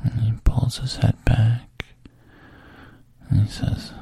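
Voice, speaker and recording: A man narrating a whispered role-play in the second person, soft and intimate. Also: lowish voice, flat delivery, takes it slowly, gravelly, breathy edge, dry recording.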